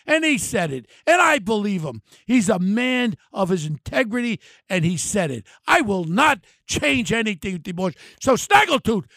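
High-pitched gravelly older New man. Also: no room sound, clean studio sound. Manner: blunt, shouting insults, heated. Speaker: podcast host. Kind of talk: angry political rant.

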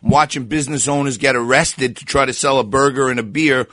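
A man's voice: medium pitch, fairly even intonation, a little fast, fairly bright tone, dry recording, studio quality. Blunt, punchy New man. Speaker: political candidate guest. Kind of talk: radio interview, campaign pitch.

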